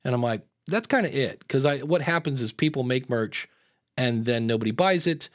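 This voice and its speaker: Male podcast host, rambling and upbeat, middle pitch, dry close sound. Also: normal speed, no room sound. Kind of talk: casual live chat.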